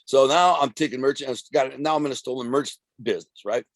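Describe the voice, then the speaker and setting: A man of around fifty from Detroit, telling rough street stories as a podcast guest in a streetwise, profane, rambling way. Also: mid-range voice, fast, no echo. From Detroit, USA. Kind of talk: casual storytelling interview.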